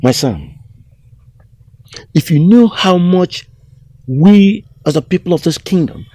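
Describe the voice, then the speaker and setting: A grave Nigerian-accented royal elder, talking slowly in a husky, mellow voice. His lines rise and fall widely with weight. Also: high-pitched, animated, no room sound, exaggerated voice. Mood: solemn. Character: solemn older royal elder, a father figure. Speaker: actor. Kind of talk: Nollywood film drama.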